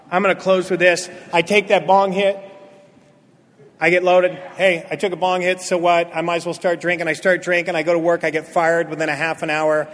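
A man sharing his recovery story at a meeting, an animated storyteller who acts out quotes and swings from loud to hushed. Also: high voice. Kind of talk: personal recovery testimony. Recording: long hall reverb.

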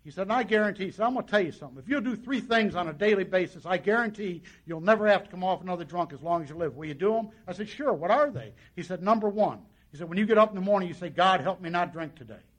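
A man with a notably high-pitched voice speaks to a meeting audience as he shares his own recovery story. He tells it in a folksy, conversational way and keeps acting out the dialogue of the people in it. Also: expressive, fast talker, hardly any pauses, a bit bright. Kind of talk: personal testimony to an audience.

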